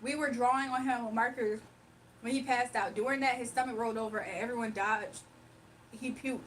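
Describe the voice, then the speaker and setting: A woman with a fairly high, fairly even voice talks fairly quickly as she hosts a casual livestream. She jokes loosely with her chat and laughs often. Her voice sounds distant, with faint noise in the background.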